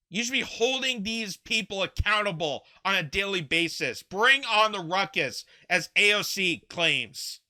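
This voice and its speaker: Twenty-something guy ranting angrily about politics, sharp high voice. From Canada. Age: 20s. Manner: angry, heated, ranting. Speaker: host. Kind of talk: political commentary rant. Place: home basement.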